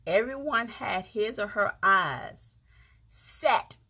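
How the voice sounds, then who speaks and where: Casting: woman with a Lowcountry Gullah-Geechee accent, bright and forceful voice, folksy livestream host on a phone. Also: expressive, slow pace, husky. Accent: South Carolina Lowcountry Gullah-Geechee. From Yamassee, South Carolina. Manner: chatty, greets viewers by name, folksy. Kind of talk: casual encouraging livestream talk. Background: faint music.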